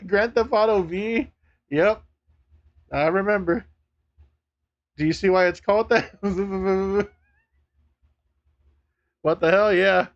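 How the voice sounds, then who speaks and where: A man streaming live, chatting casually to viewers, laughing often, swearing and getting excitable. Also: high-pitched, muffled recording.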